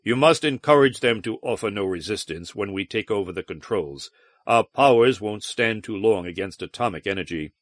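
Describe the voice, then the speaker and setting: A grim alien warrior, as a man puts him on, low and curt with a sardonic edge. The voice is dry and close to the mic. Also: lively intonation, normal speed, no room sound, natural voice.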